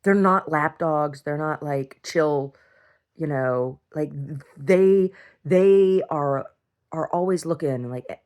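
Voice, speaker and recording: A low-pitched middle-aged woman keeps a casual video diary. She talks bluntly, swears freely and drifts from one rant into the next. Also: takes it slowly, darkish tone. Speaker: video diarist. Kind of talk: casual rambling monologue.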